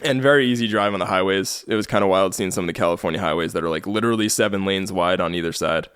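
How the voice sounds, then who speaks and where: A man's voice: low-pitched, fast, fairly bright tone, smooth, dry recording, clean studio sound. A man hosting a podcast, casually telling a travel story and laughing often. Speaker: podcast host. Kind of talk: casual chat.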